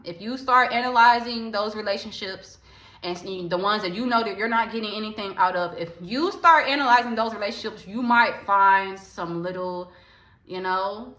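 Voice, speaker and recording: A woman's voice: medium pitch, a bit bright. Candid woman in an echoey room. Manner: candid, repeats phrases for emphasis, addresses viewers directly. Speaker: vlogger, spiritual healer. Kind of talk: casual storytime monologue.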